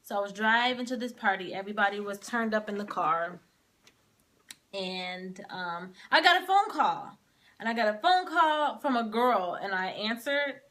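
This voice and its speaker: A woman's voice: medium pitch, expressive, normal speed, bright, forceful tone. A young woman casually telling a personal story to camera, filling her talk with "like" as she relives it. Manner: casual, heavy use of "like", emotional retelling.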